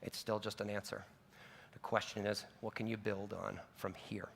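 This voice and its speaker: A man's voice: on the low side, little pitch movement, normal speed, gravelly, a bit bright, slight background noise. A man preaching a sermon in an earnest, personal storytelling way, with casual asides and self-corrections. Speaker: pastor. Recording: long reverb of a large hall.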